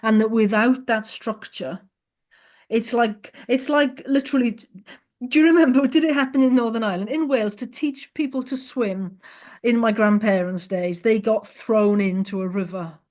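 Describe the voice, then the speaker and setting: A woman's voice: fairly high pitch, normal speed, darkish tone. Earnest woman hosting a conversation. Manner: earnest, thinks in long searching sentences. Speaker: podcast host. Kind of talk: conversational interview.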